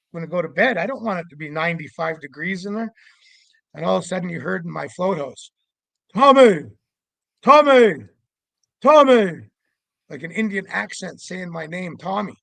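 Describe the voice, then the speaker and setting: A middle-aged man from Canada telling stories in a casual, animated way, shouting out the voices of the people in them. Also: sits high, a little fast, vocal fry, no room sound, rough recording. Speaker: guest storyteller, Sasquatch investigator. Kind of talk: casual storytelling.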